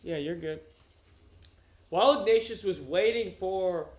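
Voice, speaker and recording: Reading a novel aloud on a livestream, this man speaks in a high voice, unhurried and with long pauses, mixing in jokes and profanity. He's in a room at home with his dog, wearing headphones, and the recording echoes.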